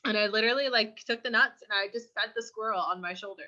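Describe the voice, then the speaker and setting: A woman's voice: fairly high pitch, fast, bright, forceful tone. A young adult woman co-hosting a podcast, telling a rambling anecdote full of fillers in casual chat. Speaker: podcast co-host. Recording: slightly dull lo-fi mic.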